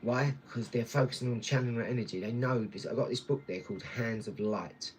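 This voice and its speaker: A man's voice: mid-range voice, brisk, a little hiss or hum, poor audio. Blunt rambling man vlogging. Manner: blunt, rambling, addresses viewers directly. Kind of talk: casual rambling vlog talk.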